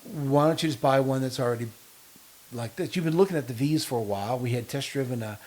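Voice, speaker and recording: A man chatting casually on a podcast as a co-host. He spins long, lively stories and acts out the other people in them with quoted lines. His voice sits at an ordinary middle pitch. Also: fast. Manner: long animated anecdotes with quoted dialogue. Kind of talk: casual chat.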